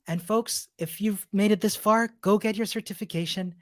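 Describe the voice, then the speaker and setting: A man's voice: high-pitched, steady tone, moderate pace, hardly any pauses, dry recording. A man teaching a coding bootcamp, wrapping up a live-streamed class and answering viewer questions in an upbeat, encouraging, chatty way. He laughs often and restarts his sentences. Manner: laughs often between remarks.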